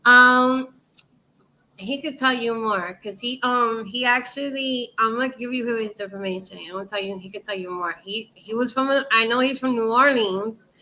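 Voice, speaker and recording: Loud, laughing woman livestream host. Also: a little high, normal speed, slight background noise. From New York. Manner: loud, laughing, profane banter. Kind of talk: casual livestream chat. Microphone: livestream setup, video call.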